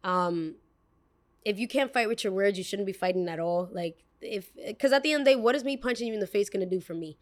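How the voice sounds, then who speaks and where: A woman's voice: medium pitch, quick pace. A young woman hosts a podcast and spins a long personal story in a loose, chatty way. She leans on "like" constantly and slips into the voices of the people she quotes. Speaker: podcast host.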